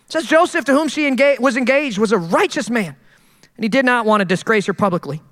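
Animated man preaching in a reverberant hall. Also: very high-pitched, quick pace. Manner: animated, conversational, joking. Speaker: pastor. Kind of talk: sermon.

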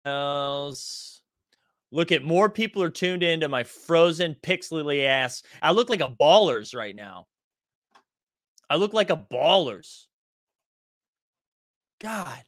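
A man's voice: fairly high pitch, animated, takes it slowly, pauses often, fairly bright tone. A young man hosting a livestream, talking to his chat casually and sounding frustrated and restless. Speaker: livestream host.

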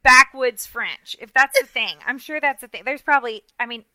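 Middle-aged woman, somewhat high and bright; animated, self-deprecating podcast storyteller. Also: fast, clean tone, dry recording, poor audio. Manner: self-mocking, animated, many restarts and asides. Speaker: podcast co-host. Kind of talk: casual storytelling chat.

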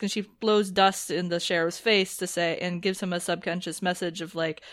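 Host type: woman in casual chat, animated recaps, frequent laughs, dry close sound. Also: on the low side, fairly quick, few pauses, no room sound. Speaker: podcast host.

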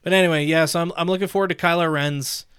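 A young man hosting a casual podcast chat, joking and animated as he tells stories to his friends. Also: on the high side, fast, clean tone, no echo, studio quality. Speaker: podcast host.

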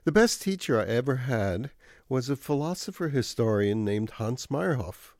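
A man reading his own scripted radio commentary in a dry, wry, measured way. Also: medium pitch, very animated, darkish tone, no room sound.

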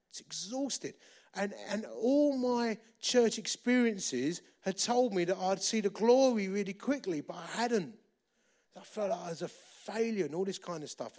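A man preaches by telling his own story. He is animated and jokes at his own expense. His speaking voice sits somewhat high. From England. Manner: animated, self-deprecating humour. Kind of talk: storytelling sermon.

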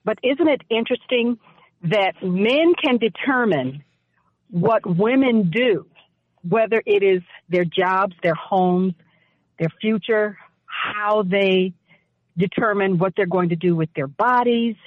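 A woman on a radio talk show giving impassioned commentary and telling a personal story, speaking emphatically and deliberately, with repeated phrases. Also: mid-range voice, dry recording. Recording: dull lo-fi radio audio.

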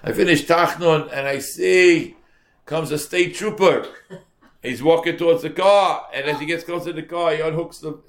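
An older man, a rabbi, telling a story in a sermon with animated, repetitive speech sprinkled with Yiddish and Hebrew words. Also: on the high side, normal speed. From United States.

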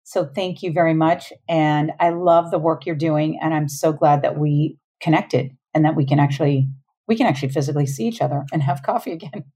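A woman's voice: low voice, fairly even intonation, fairly quick, warm tone, husky. A woman in her forties speaking earnestly as a parenting coach on a podcast, laughing often. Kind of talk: casual interview talk.

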